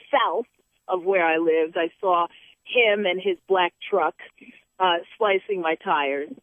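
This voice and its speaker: A woman's voice: on the low side, no echo. A middle-aged woman hosting a talk show, talking in an emphatic preaching way and repeating words for emphasis. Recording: tinny phone line.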